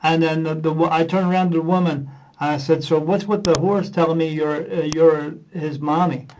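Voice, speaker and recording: A man's voice: fairly high pitch, steady tone, normal speed, a little mellow, slight background noise, rough recording. A man who works as a medium, a podcast guest telling casual stories and acting out conversations with plenty of uh fillers. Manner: rambling anecdotes, acting out dialogue with many uh fillers. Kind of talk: casual storytelling in a podcast interview.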